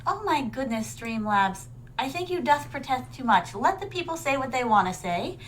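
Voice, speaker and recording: A woman's voice: high-pitched, big pitch swings, normal speed, fairly bright tone, a little hiss or hum. A woman streamer reacting live in a theatrical, regal manner, calling her viewers "my darlings" and dropping Japanese fillers. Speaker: vtuber streamer.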